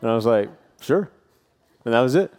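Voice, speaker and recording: A man's voice: mid-range voice, rapid-fire, darkish tone, clear, resonant tone. A man in his thirties, a campus pastor, preaching an earnest, casual sermon full of personal stories and light self-deprecating humor. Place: church auditorium.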